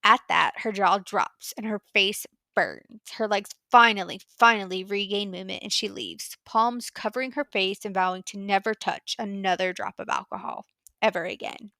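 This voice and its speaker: A woman narrating a fan fiction audiobook in a measured, earnest storytelling voice. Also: medium pitch, creaky, pushed and bright, dry recording. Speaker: audiobook reader.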